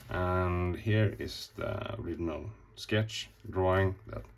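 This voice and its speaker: A comic artist with a deep voice speaks slowly as he casually shows off his comic pages, with slight background noise. It's a rambling show-and-tell full of swearing, and he acts out the scenes as he goes.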